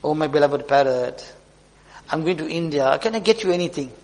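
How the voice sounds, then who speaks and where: A man's voice: a little high, expressive, brisk, a little mellow, pitched below the performer's own voice. A man playing a devout merchant who owns a parrot, speaking in an emotional, exclamatory way. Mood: affectionate. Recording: long hall reverb.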